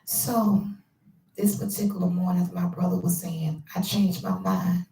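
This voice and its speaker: Hushed, echoey woman telling a story. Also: little pitch movement, unhurried, creaky, far from the mic, slight background noise. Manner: quotes family members with shifts in pitch and hushed asides. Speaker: channel host. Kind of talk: personal storytelling to viewers. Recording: echoey room, voice a bit off-mic.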